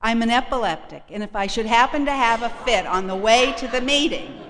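A loud, brassy lady volunteer with a Massachusetts accent, blunt and pitched way up high, as a woman storyteller puts her on. The voice is bright and carries through an echoey hall. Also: expressive, brisk.

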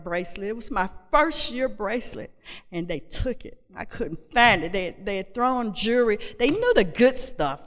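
Woman, mid-pitched, sharing a candid personal story in a large echoing hall; conversational, repeats herself. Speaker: speaker sharing her recovery story. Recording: long reverb of a large hall.

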